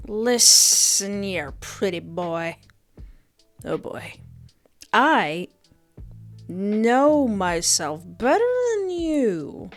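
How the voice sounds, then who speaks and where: A woman's voice: medium pitch, big pitch swings, drawn-out words, long pauses, faint music behind, exaggerated voice. A woman putting on a slurring drunk young woman. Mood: drunk defiant. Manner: slurred, stumbling drunk speech.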